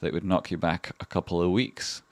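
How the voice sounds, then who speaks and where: Deep-voiced and fairly flat in pitch, a Scottish livestream host talks a little fast in a dry recording. He goes over charts in a chatty, meandering way, with plenty of heavy swearing.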